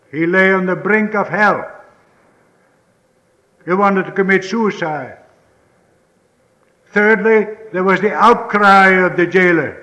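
High-voiced preacher man in echoey hall. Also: muffled recording. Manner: emphatic, repetitive preaching with rising pleas and sudden hushed drops. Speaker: pastor. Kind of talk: sermon.

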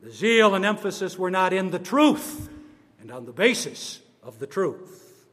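A man giving a formal address on church history, slow and deliberate, stressing his words one by one. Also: high voice, big pitch swings, fairly bright tone. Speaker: church speaker on denominational history. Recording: long reverb of a large hall.

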